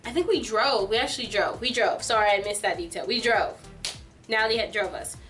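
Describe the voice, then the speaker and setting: A young adult woman vlogger telling a storytime tale in an animated, filler-heavy way. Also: mid-range voice, brisk, recorded from a distance, soft background music. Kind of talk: storytime vlog.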